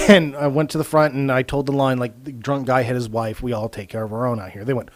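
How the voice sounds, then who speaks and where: A man's voice: medium pitch, fairly quick, no room sound. A man hosting a casual podcast chat, telling stories animatedly with lots of swearing and acting out what people said. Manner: animated, profane, acts out quoted lines. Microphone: studio microphone.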